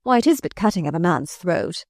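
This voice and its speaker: A woman reading the part of a rough, boastful young man who drinks and brags of cutting throats, in archaic speech. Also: on the low side, animated, brisk, darkish tone, dry recording, clean studio sound. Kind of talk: audiobook character reading.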